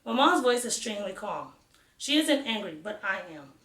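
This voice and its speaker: A woman's voice: mid-range voice, big pitch swings, normal speed, fairly bright tone. A woman narrating a novel in the first person, reading steadily and with expression. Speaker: audiobook reader. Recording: roomy echo.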